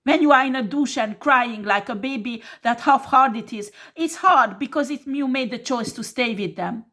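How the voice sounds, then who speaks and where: A woman's voice: a little high, moderate pace, pushed and bright. Blunt, scolding woman tarot reader. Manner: non-native English phrasing. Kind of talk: tarot reading monologue.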